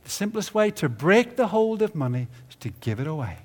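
A man preaching a sermon at a conference, building to loud emphatic peaks and dropping low and quiet at the ends of phrases. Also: sing-song, fairly quick. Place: conference hall.

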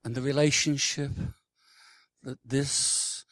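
A man in his sixties preaching a sermon, swinging from loud, emphatic declarations to hushed, almost whispered lines. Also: mid-range voice, steady tone, slow, no room sound. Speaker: worship leader. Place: church conference hall.

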